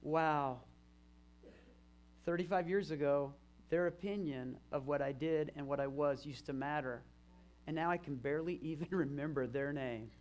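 A man's voice: fairly high pitch, moderate pace, a little mellow. A man in his fifties, a pastor preaching a sermon and telling stories of church members with emphatic rises. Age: 50s. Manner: storytelling, retelling conversations, emphatic rises.

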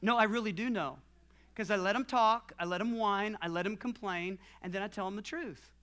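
A man preaching a sermon as pastor, building to shouted passages and then dropping to quiet, close teaching. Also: sits high, fairly quick, clear, resonant tone.

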